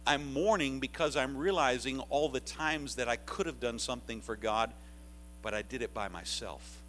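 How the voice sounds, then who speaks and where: A man in his fifties preaching a sermon to college students, moving from quiet reflection to loud, urgent pleading. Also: mid-range voice, moderate pace, a little hiss or hum. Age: 50s.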